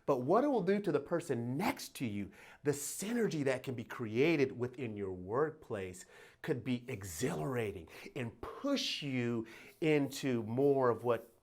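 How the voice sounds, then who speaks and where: Animated middle-aged motivational speaker man. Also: mid-range voice, unhurried. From Detroit, USA. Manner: animated, emphatic, folksy, laughs often, asks "right?". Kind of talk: motivational talk. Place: workplace event room.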